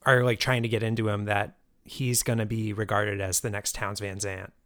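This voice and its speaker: A man's voice: fairly low pitch, level tone, normal speed, fairly bright tone, clean tone, dry recording. Hesitant male interviewer, dry mic. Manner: hesitant and rambling, full of fillers like "kind of". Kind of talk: casual interview questions.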